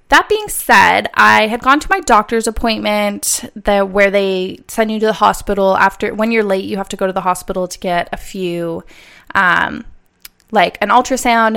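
A young woman tells a personal story in a loose, chatty vlog style. Her voice is smooth and clear at a middling pitch. She fills her sentences with fillers and laughs often as she talks. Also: fairly bright tone. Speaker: vlogger. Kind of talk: casual storytelling.

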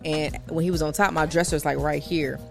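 Low-voiced woman telling a candid story. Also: fairly quick, creaky, faint music behind. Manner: relaxed, candid storyteller, slangy. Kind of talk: casual storytelling chat.

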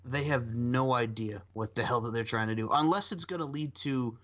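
A man hosting a casual podcast, animated and rambling, swearing and laughing often. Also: mid-range voice, normal speed. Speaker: podcast host. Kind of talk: casual chat. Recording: dull lo-fi sound.

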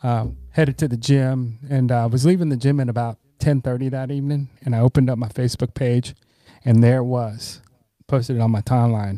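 A man's voice: mid-range voice, steady tone, brisk, warm tone, no room sound, clean studio sound. A middle-aged man, a podcast guest, telling earnest, rambling anecdotes and often saying "you know". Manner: earnest, grateful tone. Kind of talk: conversational storytelling.

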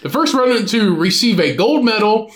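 Guy reading news on a podcast, cussing and laughing, high voice that jumps all over. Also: animated, normal speed, fairly bright tone, echoey room. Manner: profane, laughing, riffs on absurd ideas. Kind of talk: crude casual podcast banter.

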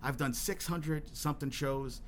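A man's voice: a little high, measured pace, fairly bright tone, slight background noise. A man hosting his own solo podcast, talking in a rambling, profane way with lots of restarts and getting worked up as he goes. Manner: worked up and emphatic. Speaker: podcast host.

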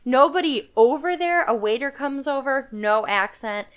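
Chatty woman recapping a movie, smooth voice. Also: high voice, animated, moderate pace. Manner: chatty storytelling with frequent fillers and laughs. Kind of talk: casual movie recap chat.

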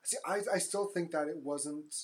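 Low-voiced blunt woman podcaster. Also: normal speed, slight background noise. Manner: blunt, swears freely, mocks characters in put-on voices. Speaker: podcast co-host. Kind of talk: casual chat recapping a movie.

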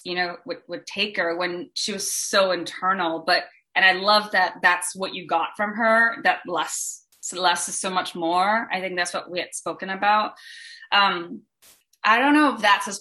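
Bright, animated voice actress from Singapore; chatty, with lots of fillers. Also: female voice, medium pitch. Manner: animated, rambling, many restarts and fillers. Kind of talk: panel Q&A answers.

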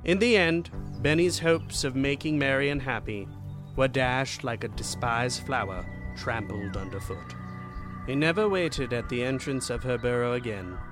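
A man narrating an audiobook story in a dramatic, expressive way. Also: mid-range voice, measured pace, over music.

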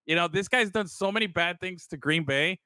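Guy with a bright voice ranting about football, swears a lot, says bro, dry close sound. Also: high-pitched, brisk, no echo. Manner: rambling, swears freely, calls people bro. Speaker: podcast co-host. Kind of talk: casual sports chat.

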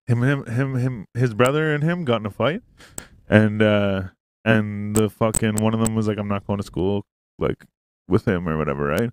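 A man's voice: on the low side, normal speed, smooth. Rambling, swearing male podcast host. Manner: rambling, swears often, laughs easily. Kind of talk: casual chat. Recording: faint hiss.

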